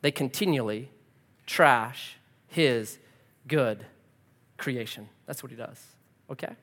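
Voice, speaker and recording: A man preaching a sermon, telling a personal story in an animated, conversational way with self-deprecating humor. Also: mid-range voice, takes it slowly. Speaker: pastor. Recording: long reverb of a large hall.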